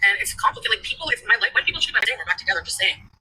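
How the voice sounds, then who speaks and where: A woman venting on a livestream, profane and ranting, going from angry outbursts to quieter talk. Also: a little high, big pitch swings, racing, slight background noise, poor audio.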